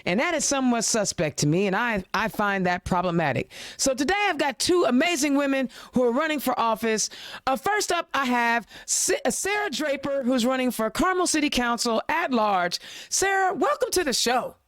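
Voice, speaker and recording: An animated, high-pitched woman speaks at normal speed with a fairly bright tone in a dry studio recording. Hosting her political podcast from Indiana, she rants emphatically with slang and rhetorical questions while a bit choked up, then turns to sponsor plugs and guest intros.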